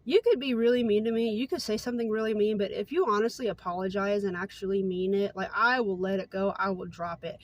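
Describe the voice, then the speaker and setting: Woman, late 20s, everyday mid-pitch voice, earnest and chatty casual vlog storyteller. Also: fairly even intonation, fast, hardly any pauses. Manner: candid, earnest and chatty, with many fillers. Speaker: vlogger.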